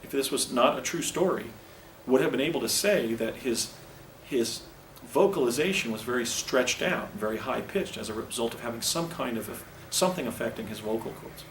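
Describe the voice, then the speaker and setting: A man giving a public lecture in an earnest, halting way, often restarting his sentences. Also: mid-range voice, animated, a bit bright, a little hiss or hum. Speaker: presenter. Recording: roomy, distant lecture recording with faint ambience.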